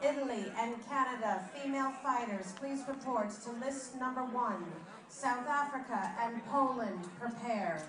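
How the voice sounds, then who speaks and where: A woman's voice: fairly high pitch, unhurried, few pauses. Woman announcer over echoey PA. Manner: clear, formal calls. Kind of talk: public address announcements. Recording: distant, echoey PA with crowd.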